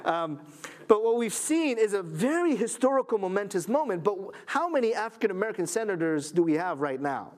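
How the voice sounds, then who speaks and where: A man's voice: sits high, sing-song, a little fast. A man lecturing a church audience, earnest and emphatic, with wry asides. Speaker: lecturer at a Christian school.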